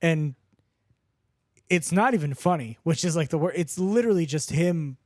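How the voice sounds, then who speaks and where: A man co-hosting a podcast in a jokey, animated way, laughing often. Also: fairly high pitch, normal speed, no echo, clean studio sound. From Mexican heritage. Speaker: podcast co-host. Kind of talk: casual podcast banter.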